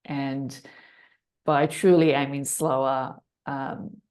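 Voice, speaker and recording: A woman in a casual conversation telling a personal story, acting out her own thoughts with sudden jumps in pitch and bursts of laughter. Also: little pitch movement, slow, darkish tone. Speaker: podcast guest, business author.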